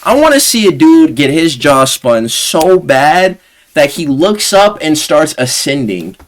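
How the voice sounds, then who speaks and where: A man's voice: fairly high pitch, big pitch swings, a little slow. A man hosting a fight predictions show, talking in a casual, joking way with slangy, crude humor. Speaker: host of a fight predictions channel.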